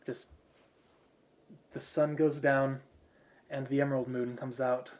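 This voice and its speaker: A man voicing a weary middle-aged local father, explaining calmly and matter-of-factly. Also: mid-range voice, slow, natural voice.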